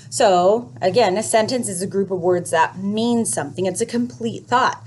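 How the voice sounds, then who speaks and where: A woman explaining a first grade reading lesson to parents, speaking clearly and patiently, step by step. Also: mid-range voice, moderate pace, few pauses, darkish tone, a little hiss or hum.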